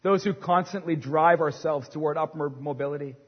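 Middle-aged male pastor, high voice, dynamic sermon delivery, dull lo-fi recording. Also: fairly quick, slightly rough. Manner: dynamic preaching, swinging from hushed to loud. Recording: long hall reverb, dull sound.

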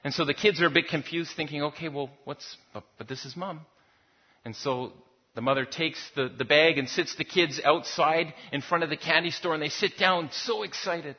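Husky-voiced man preaching a sermon. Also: a little high, normal speed, hardly any pauses. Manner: conversational storytelling, repeats words. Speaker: pastor. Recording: dull lo-fi recording.

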